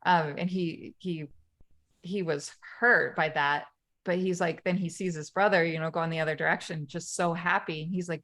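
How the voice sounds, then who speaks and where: A woman's voice: fairly low pitch, fairly even intonation, normal speed, a bit bright. A woman co-hosting a podcast, casually retelling a film scene with frequent laughs and restarts. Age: parent of children. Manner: rambling storyteller, laughs often, retells scenes. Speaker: podcast co-host. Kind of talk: casual conversation.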